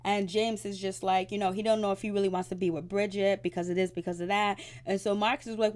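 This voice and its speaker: A woman's voice: medium pitch, little pitch movement, quick pace, hardly any pauses, a little mellow. Chatty woman with slangy asides. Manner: chatty retelling full of slang and playful asides. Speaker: TV recap host. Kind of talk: casual chat recapping a reality show.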